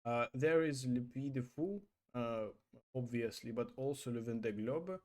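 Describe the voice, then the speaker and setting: Halting man translating French aloud. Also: mid-range voice, darkish tone. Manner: halting, hesitant, many fillers and self-corrections. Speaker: language learner vlogger.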